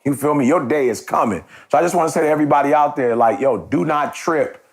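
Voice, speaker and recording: A man's voice: on the high side, fast, slightly rough. A man hosting a podcast, telling a story in a casual, slangy way before turning it into a motivational message. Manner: conversational and slangy, with repeated phrases and restarts. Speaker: motivational speaker and podcast host.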